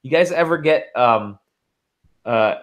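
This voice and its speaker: A man's voice: mid-range voice, lively intonation, takes it slowly, fairly bright tone. Rambling man telling podcast stories. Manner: rambling storyteller, swears and laughs often. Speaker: podcast co-host. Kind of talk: casual podcast chat.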